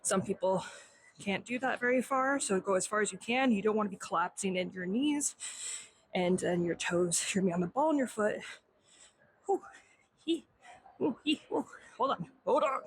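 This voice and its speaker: A young woman teaching a stretching warm-up, slightly out of breath, counting aloud in Japanese. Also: medium pitch, brisk, breathy edge, low-quality recording. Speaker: fitness instructor. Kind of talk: instructional demo while exercising.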